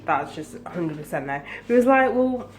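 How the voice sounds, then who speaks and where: A woman's voice: lowish voice, moderate pace, a little hiss or hum. Sweary young woman vlogging. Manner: swearing, animated, laughing between phrases. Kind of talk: casual vlog rant. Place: home.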